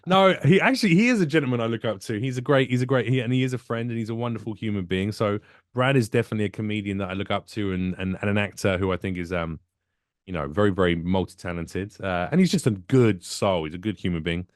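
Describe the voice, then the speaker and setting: A man's voice: fairly low pitch, fast talker, dry recording. Storytelling man, dry close sound. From United Kingdom. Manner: animated, jokey, acts out voices in his stories. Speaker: comedian guest. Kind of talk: casual storytelling chat.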